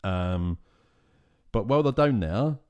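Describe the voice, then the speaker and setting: A Scottish man recaps a film on a podcast in a deep, low voice. He talks casually and gets animated and exasperated, and he swears freely. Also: takes it slowly, clear, resonant tone. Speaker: podcast co-host. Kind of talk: casual film-review chat.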